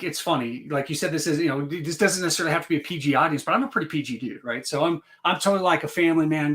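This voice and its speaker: A man guest on a podcast talks in quick, tumbling bursts with lots of ums and restarts. His voice sits a little above average in pitch. He sounds animated and keeps rambling on. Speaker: podcast guest, real estate investor. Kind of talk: casual storytelling.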